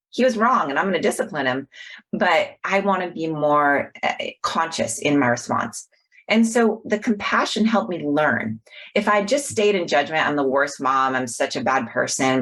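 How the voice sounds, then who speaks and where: A woman's voice: on the low side, a bit bright. A middle-aged woman psychologist talking in an earnest way, explaining ideas through personal stories on a podcast call. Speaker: guest, psychologist. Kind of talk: podcast conversation.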